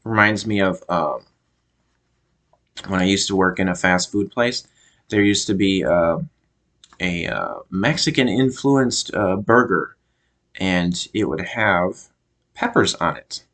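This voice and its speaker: A low-voiced American man talks through a show review in a relaxed, unscripted way. He often stalls, repeats himself and hunts for the right word before going on. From United States. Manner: halting, often stops to search for words. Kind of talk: casual review monologue.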